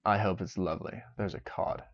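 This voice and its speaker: Deep voiced young guy streaming games, joking and rambling to himself, kinda muffled. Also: fairly even intonation, fairly quick. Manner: rambling, joking self-talk. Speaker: game streamer. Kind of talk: casual gameplay streaming. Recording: dull lo-fi sound.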